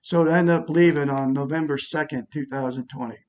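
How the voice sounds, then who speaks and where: A man's voice: on the high side, fairly even intonation, fairly quick, darkish tone, dull audio. A middle-aged man telling a long personal story in a rambling, aggrieved way, with many restarts. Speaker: vlogger. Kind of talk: casual personal monologue.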